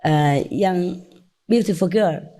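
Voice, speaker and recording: A woman's voice: lowish voice, slow pace, dark tone. A woman from southern Vietnam with a Vietnamese accent, giving an informal, chatty lecture to followers and checking in with "okay?" and "yeah?". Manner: chatty and teasing, tags questions like okay and yeah. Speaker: spiritual teacher.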